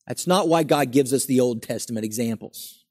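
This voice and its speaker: Delivering a sermon at a moderate pace, this young adult man has a mid-range voice and an earnest, emphatic manner. Each line rises in intensity, then settles back down into quiet calm.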